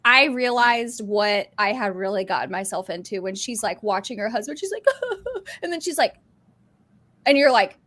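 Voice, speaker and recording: A woman chatting excitedly on a podcast, gushing and filling her talk with "like". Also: medium pitch, moderate pace. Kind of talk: casual chat.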